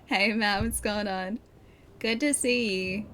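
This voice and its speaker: A woman's voice: mid-range voice, takes it slowly, a bit bright, a little hiss or hum. A young woman streamer chatting casually as she plays a game at her PC, reacting and laughing often. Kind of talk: casual live-stream gaming chat. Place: home room at her PC.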